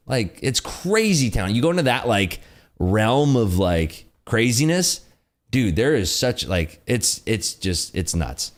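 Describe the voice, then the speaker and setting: A young adult man hosting a day-trading livestream, chatting casually with viewers in an animated, ranting way full of fillers. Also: lowish voice, slow pace. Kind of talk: casual livestream chat answering viewer questions.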